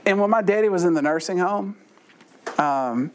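A middle-aged man teaches a Bible study in a light, joking way. His voice sits high for a man, and his talk runs loose and conversational with dry, self-mocking asides. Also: animated, moderate pace, slight background noise.

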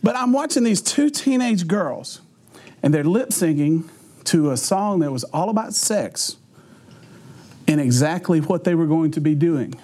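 At a measured pace and with a voice on the high side, a middle-aged youth pastor delivers humorous storytelling to teens. He stays animated, acting out what people said and laughing often mid-sentence.

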